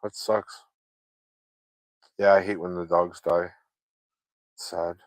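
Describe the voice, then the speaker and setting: Low-voiced man in loose casual chat. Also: flat delivery, slow pace, no echo. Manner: loose, chatty, swears freely, laughs often. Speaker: vlogger chatting with viewers.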